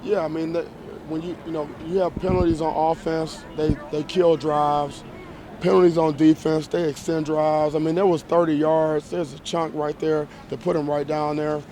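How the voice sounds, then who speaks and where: A man answering reporters as a college football head coach after a game, measured and emphatic, often restarting and repeating phrases. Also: a little high, level tone, dark tone, slight background noise. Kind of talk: post-game press conference.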